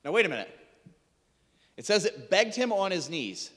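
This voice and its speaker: Lively man preaching in a reverberant hall. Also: high-pitched, moderate pace. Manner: animated, conversational, quizzes the congregation. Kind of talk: sermon.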